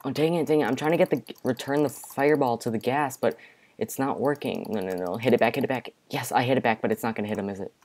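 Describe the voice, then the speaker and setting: A young man giving casual let's-play commentary from his bedroom, excitable, with panicky outbursts and repeated exclamations. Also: mid-range voice, quick pace. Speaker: gaming video creator. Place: home bedroom.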